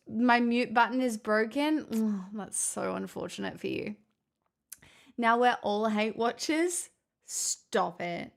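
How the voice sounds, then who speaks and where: A woman's voice: fairly high pitch, slow, creaky. A woman hosting a livestream, chatting casually and teasing her chat with jokes. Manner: teasing, jokey banter with chat. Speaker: livestream host.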